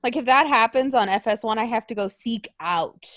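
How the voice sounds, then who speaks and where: Talking about wrestling as a podcast co-host, a woman chats loosely, peppering her speech with lots of "likes" and "ums." Her voice is fairly high, animated, and fairly bright, moving at a moderate pace in a dry recording.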